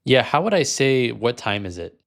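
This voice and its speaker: A man's voice: mid-range voice, big pitch swings, normal speed, vocal fry. A man hosting a vlog, talking casually with lots of fillers and restarts. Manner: casual, many fillers, self-correcting. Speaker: vlog host, language learner. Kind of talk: casual chat.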